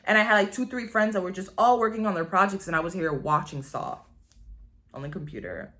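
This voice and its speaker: Her voice sits on the low side, animated and brisk with a bit of brightness. A vlogger in her 20s, she rambles candidly through her own story, cursing freely and peppering it with "like" in a casual, confessional way.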